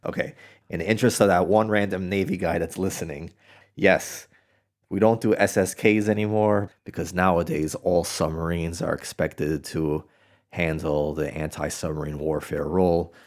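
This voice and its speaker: A man's voice: low voice, steady tone, normal speed. A man hosting a podcast, explaining at length in a blunt, wry way with sarcastic asides. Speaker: podcast host. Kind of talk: explanatory monologue.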